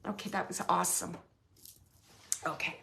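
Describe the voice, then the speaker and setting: A woman working as a medium, giving a spontaneous spirit reading in a soft, tender, halting way as she searches for words. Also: fairly low pitch, fairly even intonation, gravelly, slight background noise. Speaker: psychic medium.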